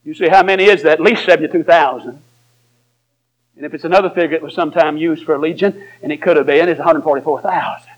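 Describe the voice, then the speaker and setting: Guy preaching, pretty high voice, folksy storytelling w chuckles and loud bursts. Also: fast talker, highs cut off. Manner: folksy storytelling, chuckling, rising to emphatic shouts. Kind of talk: sermon.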